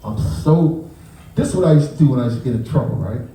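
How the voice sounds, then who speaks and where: A man's voice: mid-range voice, fast talker, a little hiss or hum. A man, the uncle of a victim, telling an emotional story and acting out the scene, stumbling and repeating words. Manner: animated, acts out the scene, restarts and repeats words. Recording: very echoey, voice picked up from far off.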